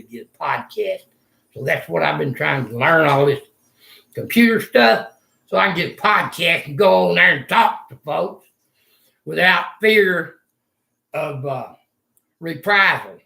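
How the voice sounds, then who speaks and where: A man's voice: fairly high pitch, gravelly, pushed and bright, roomy sound. An older man, ranting angrily and profanely in a rambling vlog monologue from a room in a retirement home. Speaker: vlogger.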